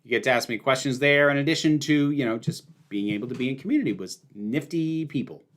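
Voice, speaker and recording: A man's voice: medium pitch, fast talker, a bit bright. A man hosting a casual livestream, answering viewer questions in an opinionated, emphatic way with lots of fillers.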